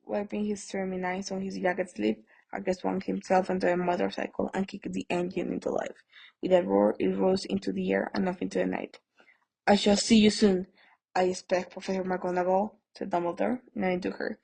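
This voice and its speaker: Woman reading a storybook out loud, husky and gravelly, trips on words now and then. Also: mid-range voice, little pitch movement, a little fast, rough recording. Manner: plain reading with small stumbles, friendly sign-off. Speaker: podcast host, audiobook reader. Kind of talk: amateur audiobook narration.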